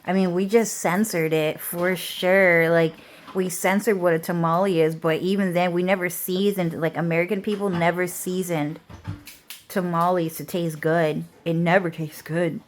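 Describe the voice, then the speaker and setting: A woman with a slightly low voice rambles through a casual vlog rant. She swears freely and leans on "like" and "dude" in almost every sentence. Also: fairly even intonation, normal speed, a little hiss or hum. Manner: profane, fills speech with "like" and "dude". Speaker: vlogger.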